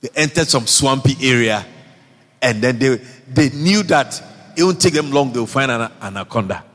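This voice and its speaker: A man preaching a sermon, animated and repetitive, often asking the congregation questions. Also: medium pitch, moderate pace. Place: church hall. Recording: long hall reverb.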